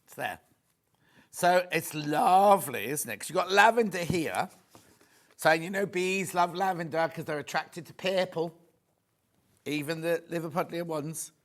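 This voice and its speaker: A man's voice: fairly high pitch, creaky, a bit bright. A man presenting live on a shopping channel from a TV studio, chatting in a rambling, gushing way with plenty of asides. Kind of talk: live sales demo chat.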